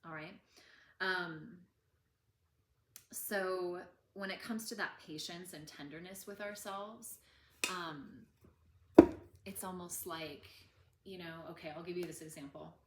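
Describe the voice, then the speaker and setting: A woman in her thirties teaching about healing trauma in a gentle, conversational way, with many fillers. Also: fairly low pitch, fairly even intonation, slow, pauses often, echoey room, background noise. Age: 30s. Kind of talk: casual teaching talk.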